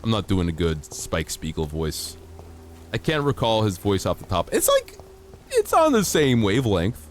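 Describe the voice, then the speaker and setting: A man's voice: lowish voice, wildly swooping pitch, moderate pace, a little hiss or hum. A man streaming a game, chatting casually and playfully with his chat, teasing and mock-outraged, laughing often. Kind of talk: casual live-stream chat while gaming.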